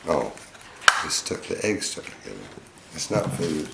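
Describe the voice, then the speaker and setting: Brief: low-pitched man, playful pet vlogger, echoey room with noise behind. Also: big pitch swings, measured pace, creaky. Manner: coaxing, playful, talks to his pet monkey. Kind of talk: casual pet vlog chat.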